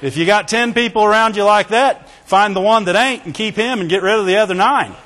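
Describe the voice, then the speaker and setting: High-voiced preacher in an echoing hall. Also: male voice, a little fast, fairly bright tone. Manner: emphatic, with call-and-response exclamations. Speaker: pastor. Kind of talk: sermon. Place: church sanctuary with a congregation. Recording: long hall reverb.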